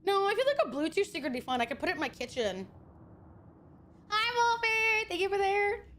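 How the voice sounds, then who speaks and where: Super high-pitched streamer girl, excitable, swears constantly, yells sometimes. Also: brisk, a little hiss or hum. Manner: excitable, swears a lot, loud outbursts. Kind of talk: casual live-stream chat.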